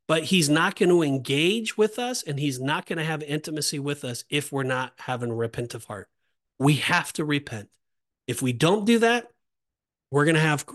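Man, Bible teaching, emphatic and repetitive, slightly high pitch. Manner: emphatic, repetitive, rising on exhortations. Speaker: podcast host.

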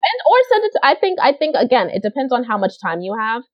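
A woman's voice: a little high, very animated, fast talker, no echo. A woman casting director talks through her advice in an easy, chatty way, leaning on "you know" and repeating words to stress a point. Her voice comes through a dull, lo-fi remote recording in a dry space. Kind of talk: casual interview chat.

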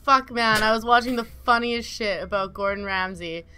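A woman's voice: mid-range voice, moderate pace. A young woman co-hosting a podcast, chatting casually, swearing freely and laughing through her stories. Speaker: podcast co-host. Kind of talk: casual chat.

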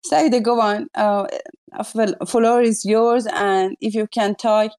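Woman host, effusive, exclamatory, slow-paced, broken English, live audio chat. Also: medium pitch, steady tone, darkish tone.

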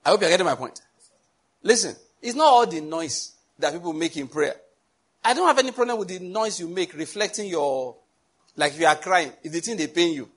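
Husky preacher guy, fired up and emphatic, keeps asking if you get his point. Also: fairly high pitch. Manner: animated, emphatic, repeats "I hope you're getting my point". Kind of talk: sermon.

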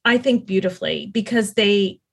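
A woman's voice: mid-range voice, moderate pace, creaky. A middle-aged woman talking as a podcast guest, telling her story in an earnest, rambling way with many fillers and restarts. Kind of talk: casual conversational storytelling.

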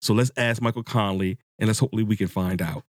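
A man hosting a casual book-discussion podcast, talking to his listeners in a rambling, excitable way and swearing freely. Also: on the low side, fast, dry recording, studio quality. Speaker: podcast host.

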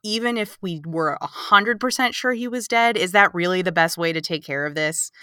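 A woman co-hosts a relaxed movie podcast, retelling the plot with animated sarcasm and little put-on character lines. Her voice is bright and forward. The sound is dry and close, with no room around it. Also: fairly low pitch, normal speed, clear, resonant tone, no echo. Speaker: podcast co-host. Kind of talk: casual movie recap chat.

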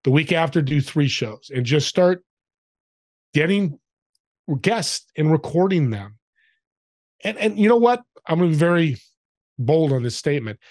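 A man's voice: a little high, expressive, unhurried, long pauses, a little mellow, no echo, clean studio sound. A man guesting on a podcast, telling stories in an upbeat, motivational way. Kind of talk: casual interview chat.

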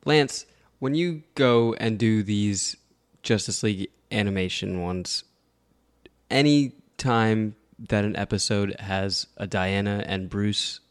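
A man's voice: on the low side, slow pace, clear, resonant tone. A man co-hosting a podcast, chatting in a laid-back, chummy way and often calling others "man". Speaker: podcast co-host. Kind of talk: casual film commentary chat.

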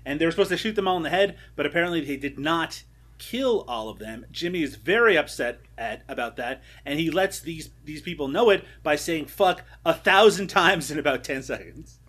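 A man's voice: a little high, animated, brisk, a bit bright. A man co-hosting a podcast, recapping a movie in a playful, teasing way and laughing often. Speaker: podcast co-host. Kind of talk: casual chat about a movie.

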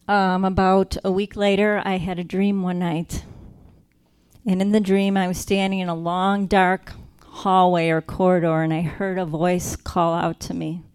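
A woman's voice: fairly low pitch, flat delivery, a little mellow, clean tone. Earnest woman telling her faith story. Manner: earnest, reflective, slows down for emphasis. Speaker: speaker sharing her faith testimony. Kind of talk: personal testimony storytelling.

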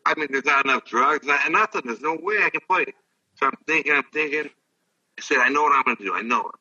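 A man's voice: fairly high pitch, expressive, quick pace, pushed and bright, husky, far from the mic, dull audio. An older man, a former ballplayer, telling rambling, profane stories in casual chat. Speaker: guest, former baseball player. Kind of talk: casual storytelling.

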